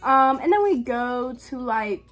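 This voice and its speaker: A young woman with a high, light voice tells a story straight to her viewers. She talks loosely and casually, sprinkling in "like" and "um" and laughing as she goes. Her tone stays relaxed and conversational throughout. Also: unhurried, faint music behind. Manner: chatty, full of "like" and "um", laughs often. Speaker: vlogger telling a story.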